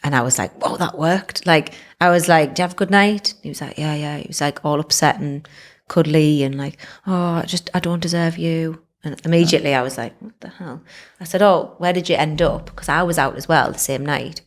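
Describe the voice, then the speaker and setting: Chatty woman, slightly low voice. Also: brisk, hardly any pauses. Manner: chatty storyteller, lots of fillers and acted-out quotes. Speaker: podcast co-host. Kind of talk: casual chat.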